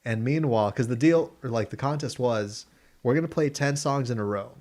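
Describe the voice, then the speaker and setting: A young man co-hosting a podcast, telling a story in casual chat, animated and slipping into voices for the people he quotes. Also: medium pitch, a little fast. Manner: animated, acts out voices in quotes, laughs often. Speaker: podcast co-host.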